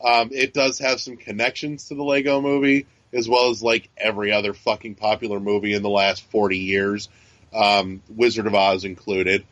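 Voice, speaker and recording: A man's voice: lowish voice, little pitch movement, moderate pace, fairly bright tone, dry recording. A man co-hosting a podcast in casual chat, rambling and swearing, with lots of fillers and restarts. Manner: chatty, profane, frequent fillers and restarts. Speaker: podcast co-host. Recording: dull, lo-fi sound.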